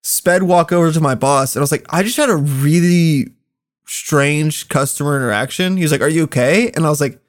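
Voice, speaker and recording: A man with a high voice tells a story among friends in a loose, casual way. He is animated and curses freely, slipping into other people's words as he talks. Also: brisk. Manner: animated, swears often, acts out quotes.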